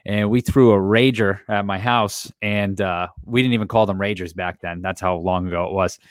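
Animated man telling a wild story. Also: on the low side, normal speed, dry recording, studio quality. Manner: animated storyteller, acts out quotes loudly. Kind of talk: casual storytelling chat.

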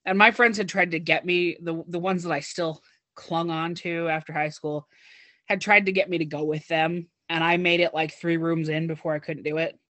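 A man's voice: a little high, normal speed, no echo. Man from Utah in casual chat. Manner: rambling, relaxed, with fillers.

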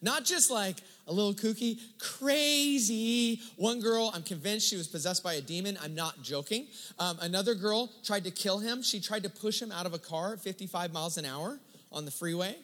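A man preaching a sermon, telling a story in a casual, lively way and acting out the dialogue. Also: sits high, fairly quick. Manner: conversational, animated retelling with quoted dialogue. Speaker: pastor. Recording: long hall reverb.

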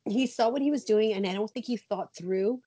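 Breathy-voiced woman podcast co-host. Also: medium pitch, a little fast, dark tone, no room sound. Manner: agreeable, backs up her co-host with short replies. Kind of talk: casual chat.

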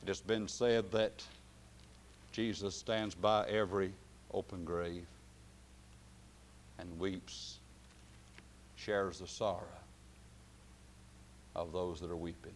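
A man preaching a sermon, dropping to quiet, drawn-out phrases and then rising to loud shouted climaxes. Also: low-pitched, flat delivery, a little hiss or hum.

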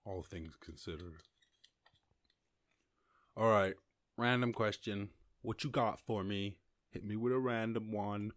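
A young Irish man chats alone on his podcast, wandering from thought to thought, cursing and laughing as he goes. His voice sits fairly low, and the sound is dry and close, with no room around it. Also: slow, pauses often, fairly bright tone, no echo. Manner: rambling, swears freely, laughs often. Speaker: podcast host. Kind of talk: casual solo podcast chat.

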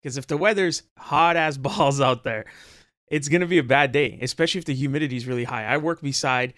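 A man's voice: medium pitch, fairly quick, fairly bright tone, no echo, studio quality. A man co-hosting a podcast in casual chat, laid-back and joking, talking with fillers. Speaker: podcast co-host.

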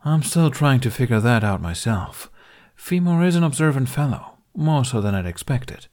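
A man's voice: mid-range voice, sing-song, moderate pace, a little mellow, pitched above the performer's own voice, natural voice. A man voicing a grown male Jedi who speaks in a formal, earnest way. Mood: warm.

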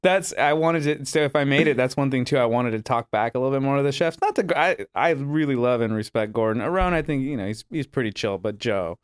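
A man's voice: mid-range voice, quick pace, few pauses, clear, resonant tone, no echo, studio quality. A man who was once a cooking contestant, chatting as a podcast guest and telling anecdotes while often correcting himself. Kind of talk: casual chat.

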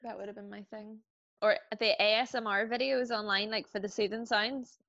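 A woman's voice: medium pitch, fairly even intonation, brisk, vocal fry, a bit bright. A woman co-hosting a podcast in casual, giggly chat. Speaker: podcast co-host. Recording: dull lo-fi podcast audio.

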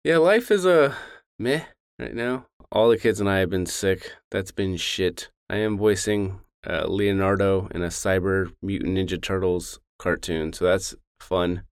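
A laid-back man with a lowish voice, chatting on a podcast, swearing freely and laughing a lot. The sound is dry and close to the mic. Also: unhurried, clean tone, no echo. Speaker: podcast co-host, voice actor. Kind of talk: casual chat.

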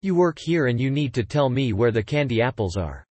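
A man reading the lines of a demanding, irate woman shopper in a story, with a husky voice. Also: medium pitch, animated, brisk, darkish tone, no echo, lightly acted. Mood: insistent. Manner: insistent, accusing.

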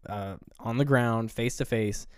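A man's voice: medium pitch, measured pace, clear, resonant tone, no echo. Guy on a film podcast, rambly, keeps acting out the lines, dry close sound. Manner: rambling, recaps scenes and acts out quoted lines. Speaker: podcast co-host. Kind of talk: casual film review chat.

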